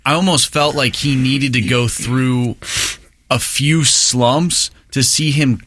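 A man's voice: medium pitch, steady tone, slow, a bit bright, no room sound. A man co-hosting a casual baseball talk show, earnest and reflective. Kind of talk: casual sports chat.

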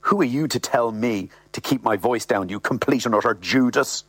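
A man voicing an indignant young woman who makes sharp accusations in a storybook reading. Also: mid-range voice, normal speed, breathy edge, no room sound. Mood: accusing.

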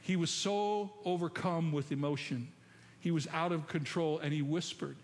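A man's voice: a little high, moderate pace. Preacher man in a reverberant hall. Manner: storytelling preacher, asks the congregation questions. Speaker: pastor. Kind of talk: sermon. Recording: long hall reverb, faint ambience.

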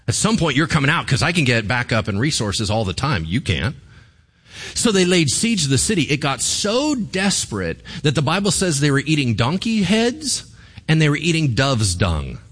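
A man's voice: on the high side, moderate pace, husky. A pastor preaching to a congregation. His voice rises and falls a great deal as he retells an old story, breaking off to quiz his listeners and joke with them. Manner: animated storytelling with asides to the audience. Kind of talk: sermon.

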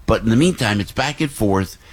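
A man hosting a talk radio show, reading live ads and interviewing guests in an excitable, rambling way in a studio. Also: on the low side, brisk, husky. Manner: excitable, rambling, laughs through reads. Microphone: studio microphone.

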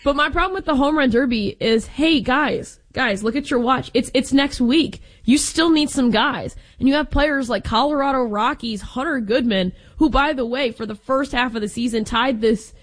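A woman co-hosting sports radio, opinionated and lively, talking with exasperated energy. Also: high-pitched, moderate pace, few pauses. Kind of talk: casual sports radio chat.

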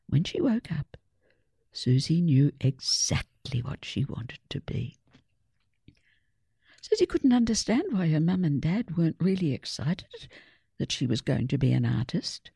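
A woman reading a children's picture book aloud, slow and expressive. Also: sits low, vocal fry, slightly rough, no echo, clean studio sound. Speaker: storyteller.

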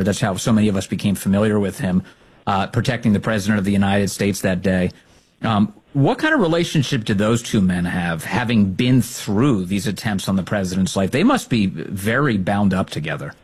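A male radio host asks his guest quick, brisk follow-up questions. His voice is low and a little husky.

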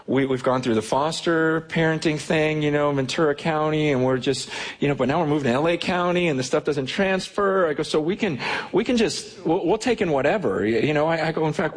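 A man preaching with a slightly high, husky voice. He tells a story in a loose conversational way, acting out the other people in it and often restarting his sentences. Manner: conversational, acts out quoted voices, many restarts. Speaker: pastor. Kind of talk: sermon storytelling.

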